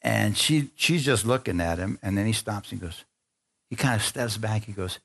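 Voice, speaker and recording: With a fairly low, slightly bright voice touched by vocal fry, a middle-aged preacher talks at a normal speed. His sermon testimony recounts his own story with the dialogue acted out, and he calls on the audience for amens.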